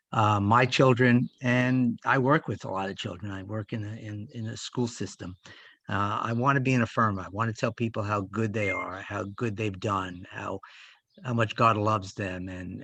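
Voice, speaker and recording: An older man reflecting in a church group discussion, speaking in a halting, heartfelt way with many pauses. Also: lowish voice, creaky, pushed and bright, dry recording. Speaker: discussion participant.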